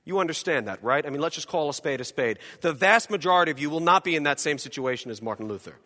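A male pastor preaching a dramatic sermon in a church, acting out imagined voices and swinging between loud and quiet. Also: fairly high pitch, animated, quick pace, long reverb tail. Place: church hall.

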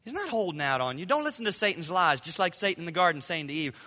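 A middle-aged man preaching to a congregation, his voice high and bright. He hammers words through repetition and swings from hushed asides to loud outbursts. The sound carries a long reverb from the large hall. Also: expressive, fast talker, hardly any pauses. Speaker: pastor. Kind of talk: sermon.

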